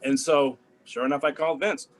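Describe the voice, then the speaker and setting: A man's voice: fairly high pitch, fairly even intonation, a little fast, rough recording. A middle-aged man telling a story in an interview, rambling with many restarts and fillers, and acting out the phone calls in quoted voices. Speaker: interview guest. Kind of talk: casual storytelling.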